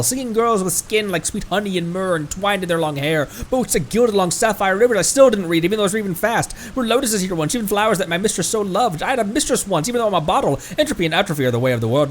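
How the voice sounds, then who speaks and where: A man's voice: high-pitched, expressive, fast talker, hardly any pauses, a little hiss or hum, voice pushed up. A man voicing an ancient spirit bound in a bottle who speaks in a courtly, archaic, theatrical way. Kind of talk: game dialogue read aloud on stream.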